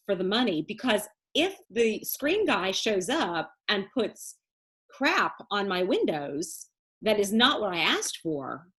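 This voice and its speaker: A woman teaching a business law class in a recorded lecture, explaining in a casual, colloquial way and teasing her students with jokes. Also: mid-range voice. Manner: lively, joking, teasing students.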